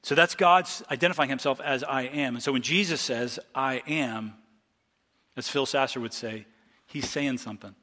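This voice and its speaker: A man's voice: medium pitch, normal speed, sharp tone, long reverb tail. A male pastor from Ohio giving a conversational expository sermon, stopping often to restart his sentences and reading scripture aloud. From Ohio, USA.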